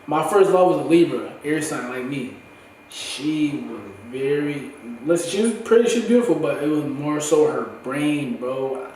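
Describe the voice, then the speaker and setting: Young guy venting about his life, cursing a lot, slightly high voice, kinda hoarse, roomy echo, far off mic. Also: moderate pace, darkish tone, slight background noise. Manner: profane, slangy, rambling. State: voice going hoarse. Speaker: vlogger. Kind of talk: candid casual monologue. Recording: echoey room, far from the mic.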